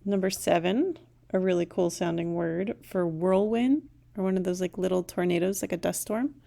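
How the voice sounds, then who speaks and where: A woman's voice: lowish voice, normal speed, creaky, mellow. A woman teaching a recorded language lesson, patiently saying each word twice.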